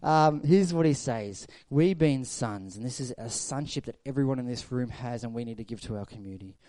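Mellow-voiced preacher, dry sound. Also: male voice, mid-range voice, a little fast, no room sound. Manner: storytelling preacher, swings from loud to hushed. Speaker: pastor. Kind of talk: sermon.

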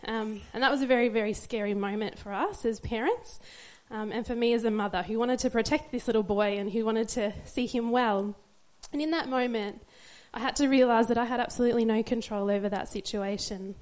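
A young woman speaks at church about becoming a mother. Her voice sits a bit high and wavers with tears. She keeps laughing softly through the crying. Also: steady tone, a little fast, few pauses. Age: young adult. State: tearful. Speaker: young mother giving a testimony. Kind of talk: church testimony.

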